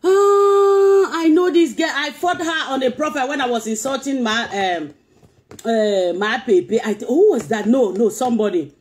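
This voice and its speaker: A woman's voice: a little high, normal speed, darkish tone. A woman ranting at commenters on her stream, firing back repeated taunting questions. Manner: confrontational, repetitive taunting questions. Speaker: social media vlogger reading comments. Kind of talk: ranting live-stream talk.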